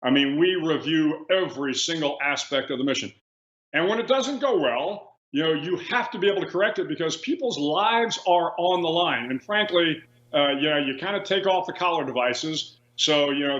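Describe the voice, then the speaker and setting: A man in his sixties, a retired admiral, telling stories as a guest in a measured way with frequent restarts, heard over a remote line. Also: a little high, fairly bright tone. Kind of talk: remote interview. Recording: echoey, dull remote line.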